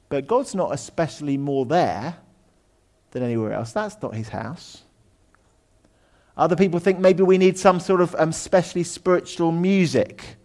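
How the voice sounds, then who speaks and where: A man preaching a conversational sermon in a lecture room, full of ums and asides, often dropping his voice low.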